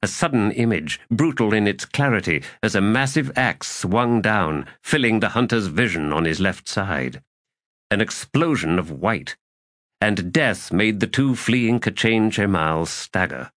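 A man with a lowish voice narrates a fantasy audiobook. His delivery is grave and measured, with dramatic weight. The sound is dry and close. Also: lively intonation, a bit bright, dry recording.

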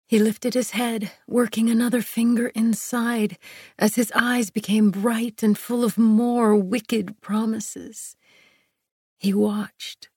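A woman narrating a sensual first-person audiobook, soft and intimate, often near a whisper. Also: mid-range voice, slightly rough, no room sound, studio quality.

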